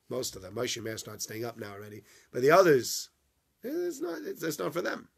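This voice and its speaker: A man giving a weekly Torah lesson as an animated storyteller who acts out dialogue. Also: mid-range voice, gravelly. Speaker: Torah teacher.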